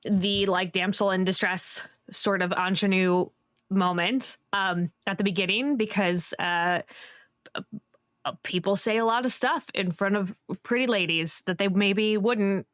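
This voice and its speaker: A woman's voice: medium pitch, fairly even intonation, a little slow, fairly bright tone, dry recording, studio quality. A woman playing a character in a tabletop game, playful and giggly. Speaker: player. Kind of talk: casual tabletop role-play.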